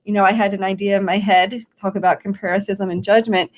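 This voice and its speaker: A woman's voice: mid-range voice, fairly even intonation, quick pace. A woman life coach talking on a live stream, encouraging and rambling a little, acting out the questions she wants viewers to ask themselves. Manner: encouraging, rambling with restarts and quoted self-questions. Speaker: life coach hosting a daily challenge.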